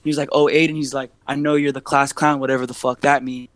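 A man's voice: medium pitch, level tone, fast, fairly bright tone, dry recording. Young man telling a heated, profane story. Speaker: podcast guest, barber and rapper. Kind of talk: casual storytelling chat.

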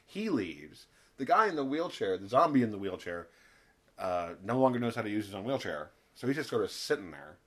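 A podcast co-host recaps a TV episode in casual chat, laughing often and acting out the characters' lines. His voice is on the low side and sing-song, and he talks briskly.

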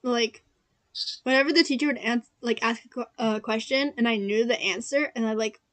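A woman's voice: a little high, moderate pace, fairly bright tone. A young woman chatting casually, telling rambling school stories with lots of fillers and giggles. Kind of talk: casual chat.

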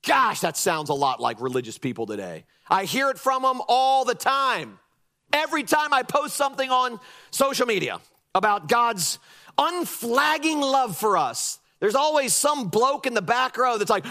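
A male pastor preaching a lively sermon, throwing his voice into mocking impressions of critics and pressing his points with emphasis. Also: very high-pitched, measured pace, vocal fry.

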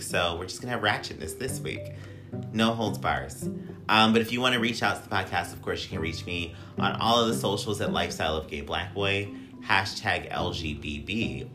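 A man with a very deep voice hosts a casual podcast. He talks in a chatty, playful way and swears freely. Music plays clearly underneath. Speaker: podcast host.

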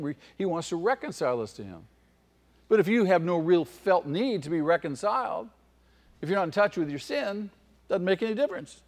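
Man preaching in a big church, voice on the high side, gets loud and fervent, lots of reverb. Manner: impassioned, rising to near-shouts at peaks. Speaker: pastor. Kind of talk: sermon. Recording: long hall reverb.

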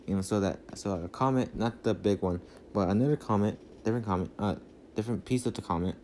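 A man's voice: lowish voice, quick pace, darkish tone, slight background noise. A man rambling through a casual movie recap on a phone mic, full of fillers and restarts. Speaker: podcast host.

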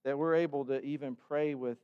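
A man preaching a sermon in a conversational way, with sudden bursts of loud emphasis. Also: mid-range voice, steady tone, a little fast, smooth, lo-fi sound. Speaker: pastor. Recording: long hall reverb.

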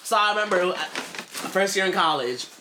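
A man in his late twenties, a podcast co-host telling a story in casual, profane, excitable chat. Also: high-pitched, moderate pace, noisy background. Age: late 20s.

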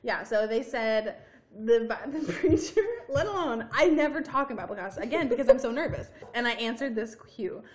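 A woman's voice: on the high side, expressive, moderate pace, echoey room. A young woman co-hosting a casual chat, telling stories with frequent laughter. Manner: giggly storytelling, laughs often. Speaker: podcast co-host.

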